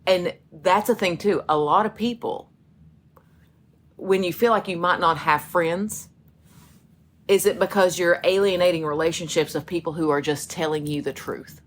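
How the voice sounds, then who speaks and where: Lady cohosting a podcast, low voice, just chatting and telling stories. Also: moderate pace. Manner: chatty storyteller, acts out quoted friends. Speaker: podcast co-host. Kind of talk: casual chat.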